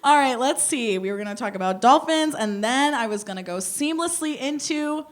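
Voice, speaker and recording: A young woman performing a stand-up comedy set on a theater stage, animated and laughing at her own jokes. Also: high-pitched, moderate pace, slight background noise.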